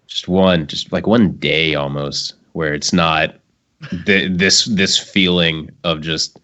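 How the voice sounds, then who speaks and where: Very deep-voiced joking podcast guy. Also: steady tone, slow pace, bright, forceful tone. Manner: joking, profane. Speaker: podcast co-host. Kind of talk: casual gaming podcast chat.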